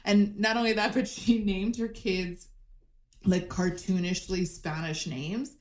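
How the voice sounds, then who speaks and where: A woman guest on a comedy podcast, talking over a video call with an animated, chatty storytelling manner full of fillers. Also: medium pitch, a little slow, echoey room.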